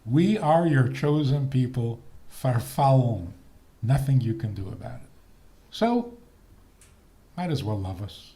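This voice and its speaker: Older male rabbi, fairly high voice, slow and teasing lecture delivery. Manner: lively, teasing, slow deliberate delivery with laughs. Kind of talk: recorded talk on faith and marriage.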